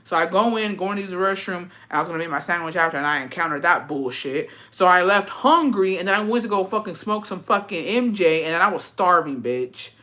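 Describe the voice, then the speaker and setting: A woman's voice: on the low side, lively intonation, a little fast, few pauses, bright, forceful tone. A woman telling a personal story on a livestream in casual, profane chat, answering comments bluntly. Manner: profane, blunt, frequent "bitch" tags. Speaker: livestream host reading chat.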